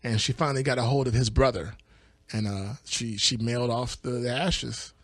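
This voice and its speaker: A man's voice: mid-range voice, normal speed, no room sound. A man co-hosting a podcast in a casual chat, retelling news stories and laughing often. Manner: laughs often, lively storytelling. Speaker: podcast co-host.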